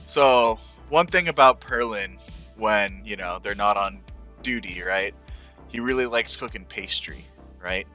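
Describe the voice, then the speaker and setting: A man's voice: on the low side, unhurried, bright, forceful tone, soft background music. A man playing a tabletop game, talking in a laid-back, rambling way about his character. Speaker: player. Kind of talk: casual tabletop play.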